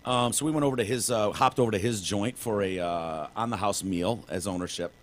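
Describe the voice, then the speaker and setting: A man's voice: lowish voice, fairly quick. A man co-hosting a podcast in casual chat, rambling with lots of fillers and swearing. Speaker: podcast co-host.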